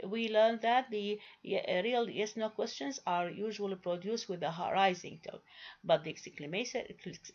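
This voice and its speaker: Woman lecturer, hesitant and filler-heavy, asks questions of her class; mid pitch, muffled lo-fi recording. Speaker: English grammar lecturer. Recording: dull lo-fi recording.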